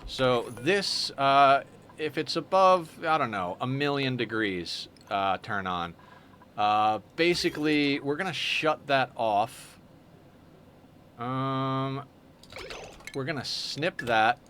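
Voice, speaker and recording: A man's voice: medium pitch, slow pace. A man streaming a game live, chatting casually and explaining each step of his plan as he goes. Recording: steady background noise.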